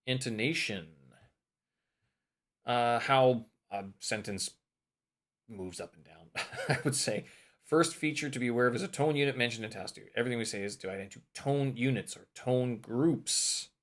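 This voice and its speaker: A man's voice: medium pitch, moderate pace, a bit bright. A man teaching English, reading his course notes aloud in a casual study vlog, thinking aloud and muttering self-mocking remarks as he checks his answers.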